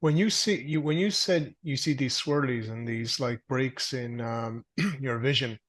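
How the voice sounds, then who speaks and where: A male interviewer asking hesitant, halting follow-up questions. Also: mid-range voice, a bit bright, no room sound, studio quality.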